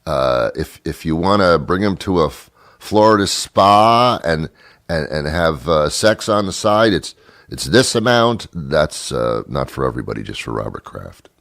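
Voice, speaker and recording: A man's voice: rumbling low, big pitch swings, unhurried, creaky, fairly bright tone, no echo, clean studio sound. A man hosting a talk show in a sarcastic, rambling comedic monologue, mock-scolding and joking at his own expense. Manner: self-mocking asides. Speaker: radio talk show host.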